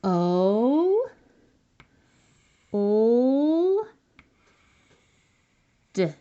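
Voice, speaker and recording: A woman teaching young children to write sentences, sounding out letters slowly and praising them. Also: a little high, big pitch swings, warm tone, clear, resonant tone, muffled recording. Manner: slow and encouraging, sounding out letters. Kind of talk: early-grade writing lesson to children.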